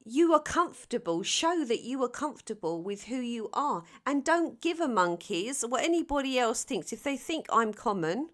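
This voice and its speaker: Very animated, with a fairly high pitch, moderate pace, hardly any pauses and a fairly bright tone, a London woman with a South London Cockney accent reads tarot casually to camera. Her chatty, playful delivery is full of ums and restarts.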